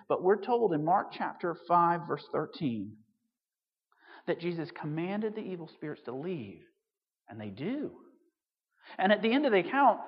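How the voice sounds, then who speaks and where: A pastor gives a sermon in a relaxed, storytelling way, dropping in casual asides. His voice carries a long reverb off the hall walls. The sound is somewhat dull and muffled. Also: high-pitched. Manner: conversational, animated storytelling with asides.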